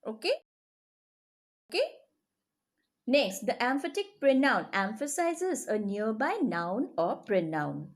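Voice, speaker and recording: A woman's voice: fairly high pitch, slow, long pauses. A woman teacher explaining grammar to children, checking often that they follow. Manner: lively, checks understanding often.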